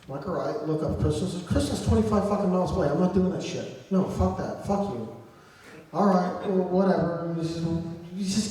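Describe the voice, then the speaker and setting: A man's voice: a little high, moderate pace. A young man telling a profane, comedic story at a convention panel, swearing constantly and putting on voices for his friends. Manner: heavy swearing, animated voices for quoted friends. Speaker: audience storyteller. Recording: echoey hall, distant mic.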